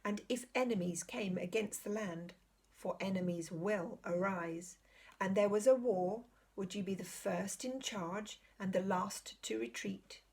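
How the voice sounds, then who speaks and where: A woman's voice: medium pitch, vocal fry, a little mellow. A woman doing Aslan, a grave lion king. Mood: solemn. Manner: slow, solemn, commanding. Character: great solemn male lion king, grave and kind.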